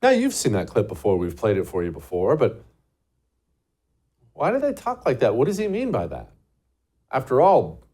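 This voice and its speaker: A man's voice: mid-range voice, a little mellow. A man hosting a talk show, delivering an emphatic, scornful political monologue and repeating words for stress.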